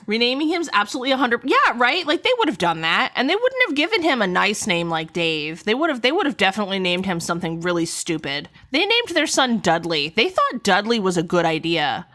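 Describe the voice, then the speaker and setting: A rambling, animated woman streamer. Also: mid-range voice, fairly quick. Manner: rambling, animated, frequent self-interruptions. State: coughing. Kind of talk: casual live-stream book critique chat.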